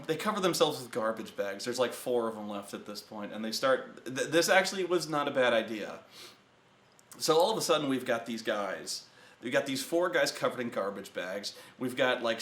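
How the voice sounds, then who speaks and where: A man hosting a show, telling a tabletop gaming story in a casual, profane rant and acting out the players in loud bursts. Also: medium pitch, moderate pace, roomy sound. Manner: profane, animated, acts out players and himself in shouted bursts.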